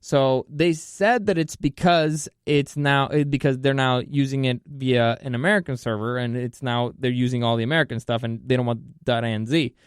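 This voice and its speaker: A man's voice: mid-range voice, fairly even intonation, normal speed, hardly any pauses, clean tone, no room sound, clean studio sound. A man telling a story in a casual monologue, rambling and swearing, often restarting his sentences. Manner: rambling and profane, with many restarts and fillers. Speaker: vlogger telling a personal story. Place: California.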